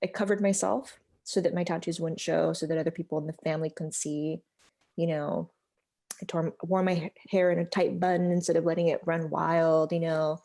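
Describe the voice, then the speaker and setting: A woman's voice: low-pitched, level tone, normal speed, gravelly, warm tone. An American woman in her thirties, a podcast guest telling a personal story in a candid, heartfelt way, full of "like" and "you know". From United States.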